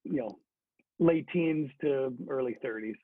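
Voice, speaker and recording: Husky middle-aged man telling stories. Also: medium pitch, measured pace, dry recording. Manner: chatty, with many fillers and restarts. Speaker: former hockey player, guest. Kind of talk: casual storytelling. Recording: dry phone-like sound.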